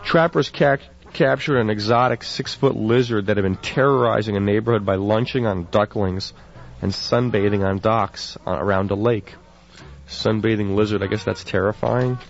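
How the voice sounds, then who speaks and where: Gravelly low-voiced male radio DJ. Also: fairly even intonation, moderate pace. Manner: offhand, wry, reads news items aloud. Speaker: radio DJ host. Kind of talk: casual radio chat. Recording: dull lo-fi radio broadcast.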